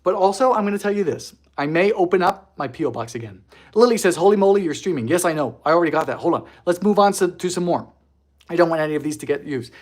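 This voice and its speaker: A man hosting a baking livestream in a home kitchen, chatting casually in a goofy, giggly way while reading out viewer comments. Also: high voice.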